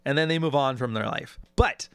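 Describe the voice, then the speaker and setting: A man's voice: mid-range voice, a little fast, creaky, smooth, no echo. A man giving casual, sarcastic reaction commentary on video clips, often putting on mocking voices. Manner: animated, sarcastic, does mocking quoted voices. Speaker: YouTube commentator.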